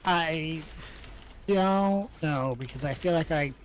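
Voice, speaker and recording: Deadpan co-player, mid pitch, dry casual chatter over a game. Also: takes it slowly, a little hiss or hum. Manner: dry, deadpan, mutters to self. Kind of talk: casual chat while gaming.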